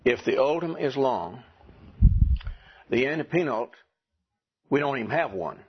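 In dull, lo-fi audio, a husky-voiced Greek teacher patiently goes over grammar rules with his students during a classroom lecture, repeating points as needed. His pitch stays in a middle register, and he speaks expressively at normal speed.

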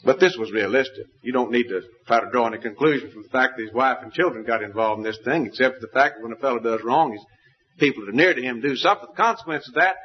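A man preaching a sermon, telling a parable in a folksy, emphatic way with wide swings in pitch. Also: quick pace, husky, highs cut off.

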